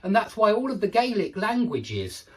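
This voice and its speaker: Lively male English teacher explaining phrases. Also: sits high. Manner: explains slowly with many restarts and "um"s; checks in with "okay?" and "yeah". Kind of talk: online vocabulary lesson.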